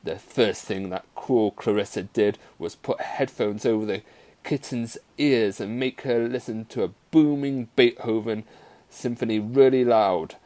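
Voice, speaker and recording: A male teacher reading a story aloud to his class in a playful, expressive way. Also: on the low side, measured pace.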